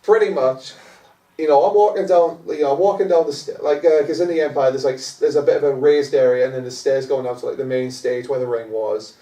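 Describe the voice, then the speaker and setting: A young man telling a story in casual chat, animated, swearing freely and laughing often. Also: mid-range voice, a little fast. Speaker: podcast guest. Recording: echoey room, mic at a distance.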